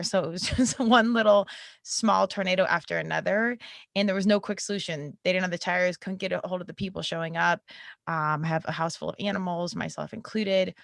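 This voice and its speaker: Woman, podcast host, candid chatty monologue, some vocal fry, dry room. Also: on the low side, fairly bright tone, no room sound. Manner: candid and conversational, laughing now and then. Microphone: podcast mic.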